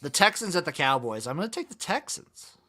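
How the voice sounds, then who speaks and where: A man co-hosting a podcast, briskly running through football matchups and picks in casual chat. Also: fairly high pitch, very animated, sharp tone. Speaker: podcast co-host.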